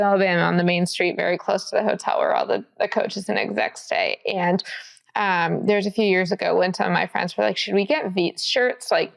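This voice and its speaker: Gravelly-voiced woman sports reporter. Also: medium pitch. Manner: wry, relaxed storyteller. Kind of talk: casual sports chat.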